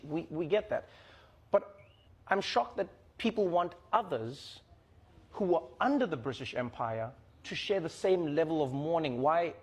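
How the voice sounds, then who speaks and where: A man with a husky, slightly breathy voice that sits a little high. He talks in a casual, conversational way, scattering "you know" through his points. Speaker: guest. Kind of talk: casual commentary.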